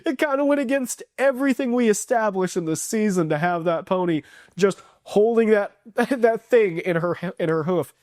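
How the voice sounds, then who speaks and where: Casting note: chatty, enthusiastic host reviewing a cartoon, mid-pitched, dry and close to the mic. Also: animated, moderate pace, darkish tone, dry recording. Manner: enthusiastic, rambling, acts out quotes. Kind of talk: casual video review.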